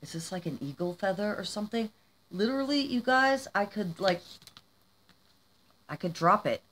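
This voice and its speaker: A woman's voice: medium pitch, animated, moderate pace, a bit bright. A woman vlogging as she opens gifts, gushing and emotional, crying happy tears. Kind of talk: casual vlog, opening gifts.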